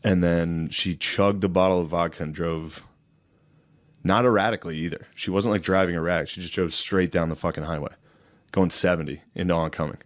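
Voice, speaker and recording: A man with a very low voice tells a long story on a podcast, circling back and restarting as he goes. His talk is casual and full of swearing. The sound is close and dry. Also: fairly even intonation, a little fast, no room sound. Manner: rambling, profane storytelling with many restarts. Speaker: podcast co-host.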